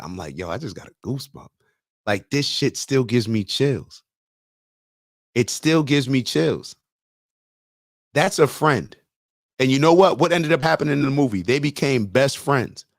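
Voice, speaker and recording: A man hosting a morning podcast, talking bluntly and casually with slang, now and then joking in a high singing voice. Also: dry recording, studio quality. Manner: blunt, slangy, animated, breaks into falsetto singing jokes. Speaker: morning show host. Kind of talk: casual motivational podcast talk.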